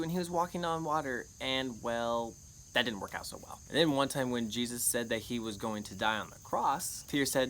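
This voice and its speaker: A man walks through a Bible passage in a relaxed, chatty way, tossing in playful jokes. His voice sits in a middle pitch. Faint crickets chirp in the background. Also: brisk, a little hiss or hum, poor audio. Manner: playful, jokey asides. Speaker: Bible teacher. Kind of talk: casual Bible lesson.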